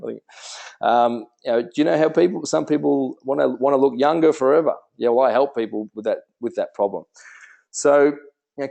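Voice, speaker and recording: A man presents a casual sales training talk in a mellow, darker voice. He chats along loosely, full of fillers and restarts, and acts out little sample conversations with prospects. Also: mid-range voice.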